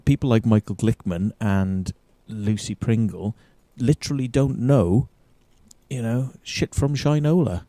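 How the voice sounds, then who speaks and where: A man's voice: lowish voice, unhurried, mellow, dry recording. A man hosting a show, ranting profanely and combatively as he comments on an interview clip. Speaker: show host.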